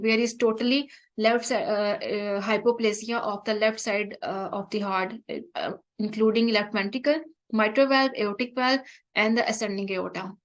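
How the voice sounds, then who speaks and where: Woman lecturing with many halting restarts. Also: a little high, rough recording. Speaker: medical lecturer. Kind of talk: online exam-prep lecture.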